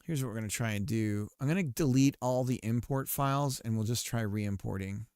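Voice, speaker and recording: A man streaming while he works on a game, chatting casually, rambling with fillers and cursing at his software. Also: mid-range voice, a little fast, clean tone, dry recording, clean studio sound. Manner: rambling and self-deprecating, swears often, many fillers. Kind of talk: casual live-stream chat while working.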